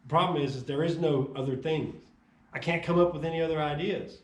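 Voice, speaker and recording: A man's voice: fairly high pitch, brisk, far from the mic. A man from Chicago telling his personal testimony, acting out the voices of the people in his story. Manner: animated storyteller acting out dialogue. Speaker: testimony speaker. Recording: echoey room.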